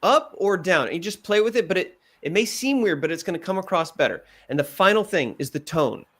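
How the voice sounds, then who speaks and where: A man giving direct, animated feedback as a pitch coach, acting out examples as he goes. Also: fairly quick.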